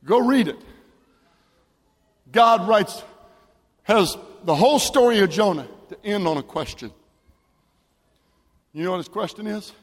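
A male pastor preaching a camp meeting sermon, moving from a chatty story into shouted preaching. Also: high voice, animated, unhurried, pauses often, in a large hall. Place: large church hall at a camp meeting.

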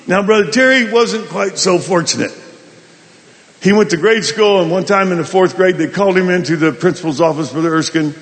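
A male pastor telling a folksy, animated story in a sermon. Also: sits high, fairly quick, big-room sound. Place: large hall at a summit.

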